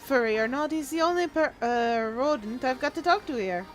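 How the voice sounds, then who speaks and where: A woman's voice: high voice, expressive, normal speed, soft background music. A woman doing a fussy, chatty train cook. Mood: sheepish. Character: fussy, lonely man cook, rambling.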